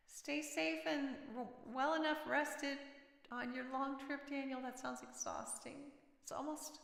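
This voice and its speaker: Gravelly woman streamer in a roomy space. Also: high-pitched, level tone, a little slow, fairly bright tone. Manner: chatty, reacts aloud to chat messages. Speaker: livestream musician host. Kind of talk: casual livestream chat with viewers.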